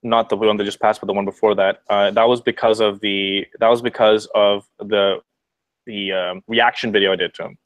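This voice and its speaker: A man's voice: on the low side, level tone, normal speed, no echo, poor audio. A man chatting casually as a guest on a video call, rambling and profane with frequent restarts. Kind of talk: casual chat.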